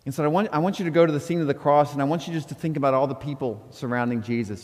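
A man preaching a sermon as pastor, telling stories conversationally and breaking into animated outbursts. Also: a little high, rapid-fire, few pauses, in a large hall.

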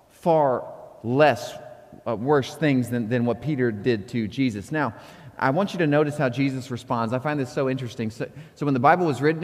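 A man preaching a sermon as pastor, talking conversationally and acting out quoted inner thoughts. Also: fairly high pitch. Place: church auditorium. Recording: long reverb of a church hall.

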